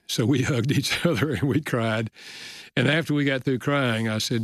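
A man's voice: medium pitch, dry recording. An older man tells a heartfelt story from his own family life. He speaks earnestly and eases his pace at the tender moments. The sound is dry and close. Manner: earnest, slows down for emotional moments. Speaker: author and guest. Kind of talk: storytelling in a podcast interview.

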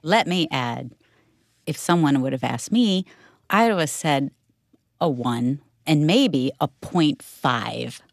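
Low-voiced woman, candid and expressive. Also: takes it slowly, vocal fry, no echo, clean studio sound. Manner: earnest, expressive, laughs easily. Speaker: radio co-host. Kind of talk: candid interview conversation.

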